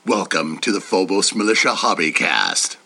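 A man putting on a deep, solemn announcer voice to read a podcast intro. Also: very animated, gravelly, sharp tone, heavily acted. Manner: slow, solemn, overly dramatic. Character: deep gravelly male announcer reading an intro.

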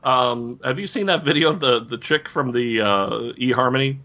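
Bright-voiced rambling podcast guy. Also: mid-range voice, normal speed. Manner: rambling, amused, eager to share. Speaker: podcast co-host. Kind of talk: casual chat. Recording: dull lo-fi podcast audio.

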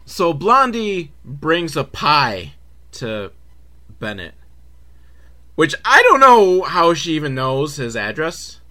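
A man's voice: a little high, very animated, takes it slowly, pushed and bright. A man hosting a comedic film recap, talking sarcastically and profanely with laughing asides. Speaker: host.

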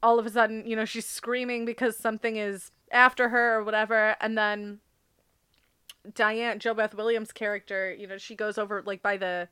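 Young woman, bright clear voice, giggly and emotional, lots of ums, dry close sound. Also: medium pitch, little pitch movement, moderate pace, dry recording. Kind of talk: casual movie discussion.

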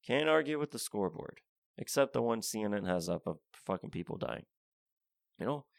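A man's voice: lowish voice, animated, a little fast, vocal fry, no echo, studio quality. A man ranting in a profane comedy monologue, rambling and often restarting his sentences.

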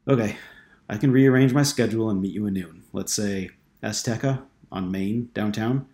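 A man's voice: fairly low pitch, normal speed, darkish tone, reverberant, natural voice. A man reading an audiobook, voicing a tired, skeptical male ad writer who questions what he hears.

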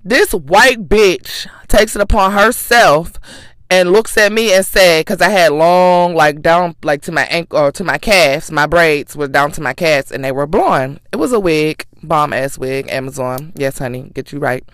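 A woman's voice: low voice, unhurried, a bit bright, no echo. A woman podcast host telling a personal story in a casual, sassy, emphatic way, with plenty of swearing.

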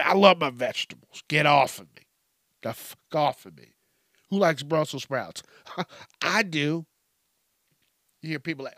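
A man hosting a solo podcast in a casual, profane, animated rant, acting out quotes and jumping between topics. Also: medium pitch, normal speed, dry recording, studio quality. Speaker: podcast host.

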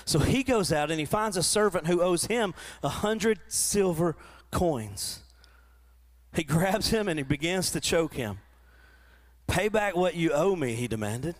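A man preaching a sermon to his church, often repeating and restarting words, and rising into animated quoted voices. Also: a little high, unhurried. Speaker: pastor. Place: church in front of a congregation.

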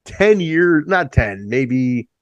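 A middle-aged man in a band, telling stories in a casual chat. He is laid-back, swears freely, says "like" a lot and jumps higher when he acts out a story. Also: very animated, drawn-out words, no room sound, lo-fi sound. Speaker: band musician, interview guest.

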